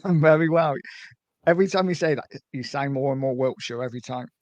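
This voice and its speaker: A man's voice: medium pitch, fast, darkish tone, no room sound. A middle-aged man hosting a casual football podcast, talking in a friendly way and steering the conversation. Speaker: host.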